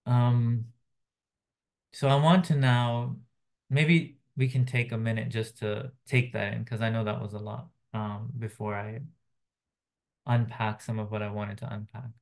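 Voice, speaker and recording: A man delivering a Friday sermon as a chaplain, soft-spoken and reflective, pausing often with fillers. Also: medium pitch, little pitch movement. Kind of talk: Friday sermon, retelling a phone call.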